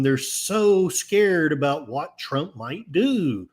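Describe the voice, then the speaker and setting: A man's voice: on the high side, big pitch swings, takes it slowly, few pauses, darkish tone. A man hosting a livestream podcast, reading out chat messages with a sarcastic, mock-solemn delivery.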